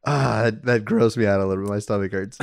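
A man's voice: lowish voice, fast talker, creaky, dry recording, studio quality. A man in his twenties co-hosting a podcast, joking around and laughing often in casual chat. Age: 20s. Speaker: podcast co-host.

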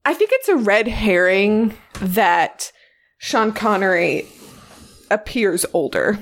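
A woman's voice: mid-range voice, sing-song, slow pace. A woman co-hosting a casual film discussion, chatty and enthusiastic with a playful edge. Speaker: podcast co-host.

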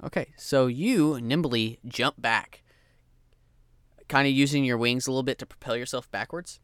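A man's voice: medium pitch, normal speed, fairly bright tone, clear, resonant tone, dry recording, clean studio sound. A man narrating as game master of a tabletop game, laid-back and hesitant with many ums.

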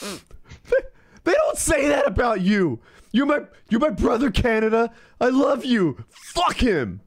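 A man's voice: very high-pitched, sing-song, measured pace, voice pushed up, heavily acted. A man playing America as a furious, tearful man who screams threats and sobs declarations of love. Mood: enraged, weepy. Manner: screaming, sobbing, swearing.

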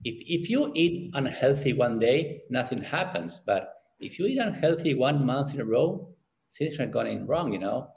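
A middle-aged man with a Spanish accent, a youth sports parenting coach who repeats words as he searches for his phrasing and grows animated when telling stories. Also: mid-range voice, normal speed, gravelly, poor audio. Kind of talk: conversational interview.

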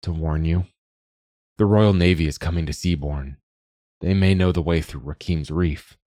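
A man's voice: low-pitched, normal speed, warm tone, dry recording, clean studio sound, natural voice. A man voicing a patient carpenter. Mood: earnest. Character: steady patient male carpenter.

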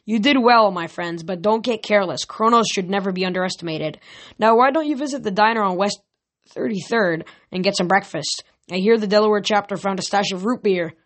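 Woman voicing a fatherly old centaur mentor, storybook reading, calm authority. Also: medium pitch, brisk, lightly acted. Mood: kindly. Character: wise old male centaur teacher.

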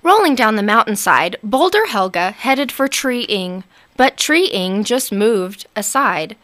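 A woman narrating a storybook aloud in an expressive, unhurried manner. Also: on the high side.

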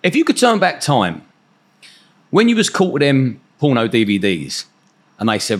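Podcast host, man, mid pitch, recaps and asks leading questions. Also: huge pitch swings, moderate pace, long pauses. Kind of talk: casual interview.

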